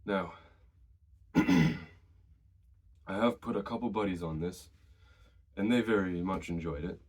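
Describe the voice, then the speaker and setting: A man with a very deep voice talks through his training routine in a relaxed, conversational way. He is still slightly out of breath and draws on his own experience. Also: slow, breathy edge. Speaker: fitness vlogger. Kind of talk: casual advice to camera.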